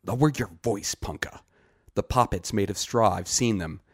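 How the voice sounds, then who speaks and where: A man reading a short story aloud and voicing a wary village herb woman who scolds in hushed tones. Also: fairly low pitch, normal speed, slightly rough, dry recording, studio quality. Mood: urgent, scolding.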